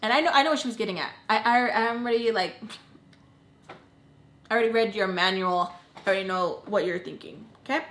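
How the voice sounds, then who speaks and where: A young woman vlogger telling a personal story in a casual, animated, blunt way, swearing freely. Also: mid-range voice. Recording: echoey room.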